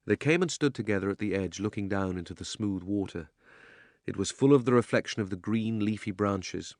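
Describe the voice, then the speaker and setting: A man narrating a children's audiobook in a measured, expressive reading. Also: lowish voice, dry recording, studio quality. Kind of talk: scripted storybook narration.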